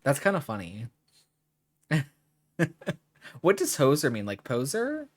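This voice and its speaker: A man's voice: mid-range voice, wildly swooping pitch, slow pace. A male streamer chatting and reacting with amusement while playing a game, laughing often. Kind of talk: casual gameplay commentary. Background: game music.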